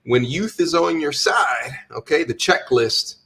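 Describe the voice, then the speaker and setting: A man co-hosting a live talk stream, giving playful shout-outs and casual banter. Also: on the high side, lively intonation, a little slow, gravelly. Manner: hyped, playful shout-outs, laughing often. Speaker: livestream co-host reading super chats.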